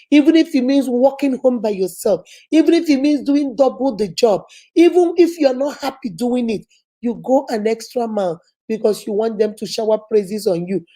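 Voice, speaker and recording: A woman's voice: on the high side, mellow. A woman giving a repetitive, emphatic motivational talk about self-help.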